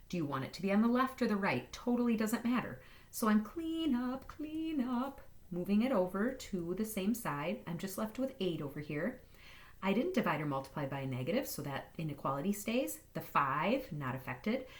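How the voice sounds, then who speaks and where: A woman math teacher walking through inequality problems in a recorded lesson, upbeat and playful, talking fast. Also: lowish voice.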